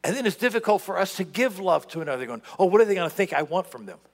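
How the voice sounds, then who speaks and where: A man preaching a sermon in a church, animated, swinging between loud outbursts and hushed asides. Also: sits high, fast talker. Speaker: pastor. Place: church sanctuary. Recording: long hall reverb.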